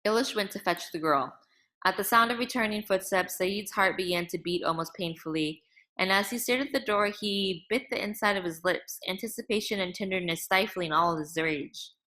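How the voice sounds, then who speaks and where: Bright-voiced woman narrating a novel. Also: medium pitch, moderate pace. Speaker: audiobook narrator.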